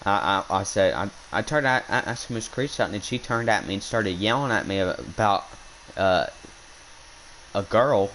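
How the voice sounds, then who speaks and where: A man's voice: lowish voice, normal speed, fairly bright tone, a little hiss or hum, rough recording. A young man outdoors on a hunt, casually telling an indignant, rambling story with lots of restarts. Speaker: hunting vlogger. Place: outdoors while hunting.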